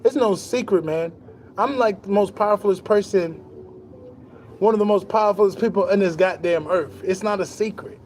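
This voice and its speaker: Boastful high-voiced man ranting about truth. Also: normal speed, slight background noise. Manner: boastful, animated street slang, swears freely; laughs between lines. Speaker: spiritual vlogger. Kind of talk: casual monologue to camera.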